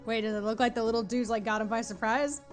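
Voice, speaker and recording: A woman's voice: a little high, steady tone, fast, soft background music. A woman playing a tabletop game, casual and laughing, swearing freely as she describes her character's moves. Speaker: player.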